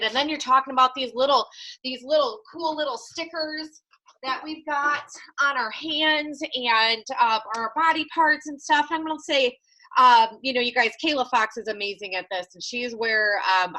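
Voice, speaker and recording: Bubbly high-voiced woman trainer. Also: rough recording. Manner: enthusiastic, animated, acts out quotes. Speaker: business trainer. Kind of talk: training talk.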